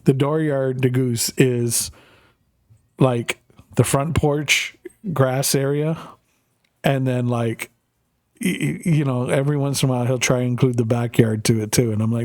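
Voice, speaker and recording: A man's voice: medium pitch, steady tone, a little slow, darkish tone, no room sound, clean studio sound. A man from Canada, a gaming streamer chatting casually with viewers in a rambling, profane, joking way. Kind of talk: casual chat while gaming.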